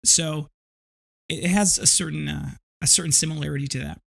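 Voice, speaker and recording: Reflective, rambling man with a higher voice. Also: fairly even intonation, a little fast, creaky, fairly bright tone. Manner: rambling and reflective, with many restarts. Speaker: podcast host. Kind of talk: casual solo podcast monologue.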